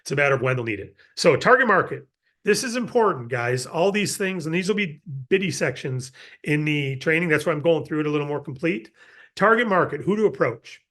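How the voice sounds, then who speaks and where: A middle-aged man giving a casual, energetic sales training and acting out sample pitches. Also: brisk. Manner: energetic, acts out sales scripts.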